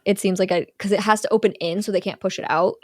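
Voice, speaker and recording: A young woman tells a horror movie's plot to her co-host with lively, chatty energy, dropping into little voices for the characters. Her voice sits at an ordinary middle pitch. The recording is dry and close, with no room sound around her. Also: fast, dry recording. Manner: animated storyteller, lots of "like", acts out quotes. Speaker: podcast co-host recapping a film. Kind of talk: casual chat recapping a horror movie.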